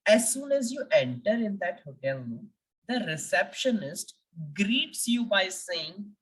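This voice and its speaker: A woman's voice: mid-range voice, very animated, measured pace, distant mic, rough recording. A woman teaching French, patiently drilling each letter of the alphabet one by one and asking learners to repeat after her.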